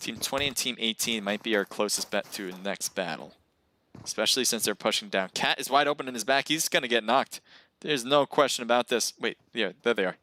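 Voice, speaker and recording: A man's voice: medium pitch, fairly quick, pushed and bright. A man casting a live mobile battle royale match, casual and chatty, laughing and getting worked up at close calls. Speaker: esports caster. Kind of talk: live game commentary.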